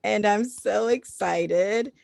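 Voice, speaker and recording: A woman who narrates audiobooks talks in an effusive, grateful way. Her voice sounds dry on a video call, at a middling pitch. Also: slow pace, creaky, a little mellow, dry recording. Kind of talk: casual panel chat.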